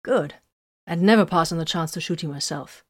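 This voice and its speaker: Brief: woman doing a dark, curt male warrior, quiet and low, audiobook style. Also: normal speed. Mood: grim. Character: grim male psychic soldier, dark and curt.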